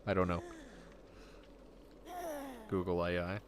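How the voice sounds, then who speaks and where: A man hosting a livestream, rambling in casual chat and acting out quick voices when quoting. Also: low-pitched, completely flat delivery, noisy background. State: getting hiccups. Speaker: livestream host.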